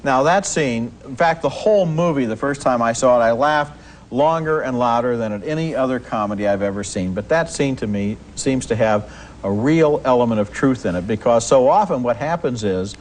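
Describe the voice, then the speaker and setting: A man's voice: medium pitch, lively intonation, moderate pace, slight background noise. A man co-hosting a TV film review show, speaking in an eager, enthusiastic way. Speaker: film critic, co-host.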